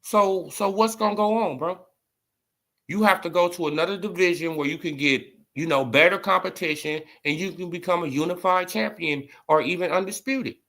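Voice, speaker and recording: A man's voice: sits high, normal speed, a bit bright. A man rants about boxing in casual vlog commentary. He repeats himself for emphasis and leans on slang.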